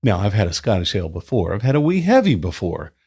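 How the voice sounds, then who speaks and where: A man's voice: fast talker, slightly rough. A man hosting a casual beer review, chatting at home into a new microphone. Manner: chatty, relaxed, lively pitch. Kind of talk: casual review with read-out history segment. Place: indoors at home, summer. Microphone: new desk microphone.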